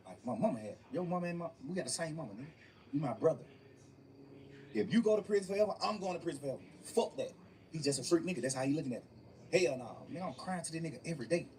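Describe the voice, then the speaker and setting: A young male interview guest talks rapid-fire in an animated voice on the high side, with a darkish tone. He tells his story emphatically, with profanity and frequent repeated phrases, and faint room noise comes through the distant mic.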